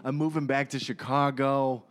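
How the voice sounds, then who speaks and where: A man's voice: medium pitch, flat delivery, normal speed, clean tone. A young man co-hosting a podcast, chatting in a crude, joking way. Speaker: podcast co-host. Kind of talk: casual comedic chat.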